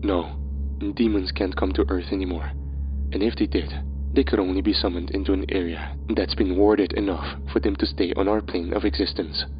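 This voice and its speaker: A man voicing the Horseman of Death, a calm and knowing male figure, speaking in a hushed, level way. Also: sits low, moderate pace, highs cut off, natural voice.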